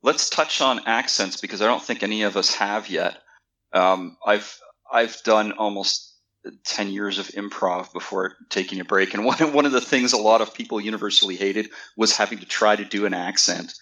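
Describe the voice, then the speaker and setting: A man's voice: on the low side, moderate pace, bright, forceful tone, low-quality recording. A man in a casual panel discussion, giving thoughtful advice on running tabletop game characters.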